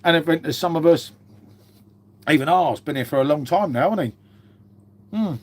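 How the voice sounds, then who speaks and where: A man's voice: a little high, expressive, moderate pace. Chatty British man on a live stream. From Britain. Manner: chatty and matey, swears a lot, says "mate" constantly. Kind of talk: casual live-stream chat reading viewer comments.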